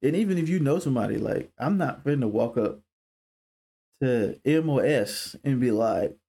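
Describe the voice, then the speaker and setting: Raspy young guy on a podcast, gravelly and kinda hoarse, rambling stories full of slang. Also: mid-range voice, moderate pace. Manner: animated storyteller, slangy and profane. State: hoarse throat. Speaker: podcast co-host. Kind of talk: casual chat.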